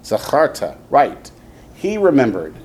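A man's voice: mid-range voice, wildly swooping pitch, unhurried, a little mellow, slight background noise. A man teaching a classroom lesson, patiently drilling students and repeating each word for them to copy. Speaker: Hebrew teacher. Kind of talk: classroom instruction.

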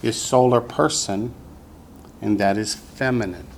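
A man teaching a Hebrew vocabulary lesson to a class, patient and slow, repeating each word for the students. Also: on the low side, slight background noise.

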